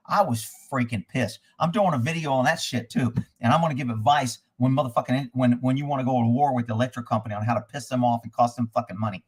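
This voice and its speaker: A livestream host with a mid-range voice rants angrily and profanely in a brisk, rambling monologue. Along the way he reads out viewers' locations and comments.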